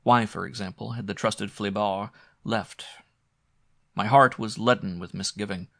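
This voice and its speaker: Gravelly low-voiced man narrating horror. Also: steady tone, a bit bright, no room sound, clean studio sound. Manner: measured, brooding reading. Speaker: audiobook narrator.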